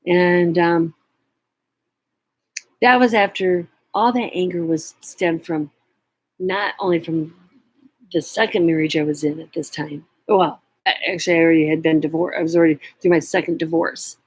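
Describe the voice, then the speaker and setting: Husky middle-aged woman vlogging a personal story, earnest, sometimes almost whispering, dry sound. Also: fairly low pitch, fairly even intonation, moderate pace, no room sound, rough recording. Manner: earnest and emotional, dropping to near whispers.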